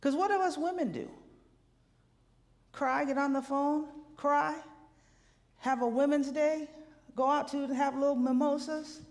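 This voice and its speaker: A woman minister giving a lively, conversational sermon, often checking in with the congregation with a quick "right?". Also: sits high. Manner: animated, conversational preaching with rhetorical "right?" asides. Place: church sanctuary. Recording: long hall reverb.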